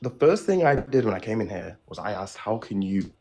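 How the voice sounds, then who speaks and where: A man arguing a flat earth position in a heated online debate, pushing back with questions. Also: on the low side, brisk, husky. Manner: argumentative, pushes back with questions.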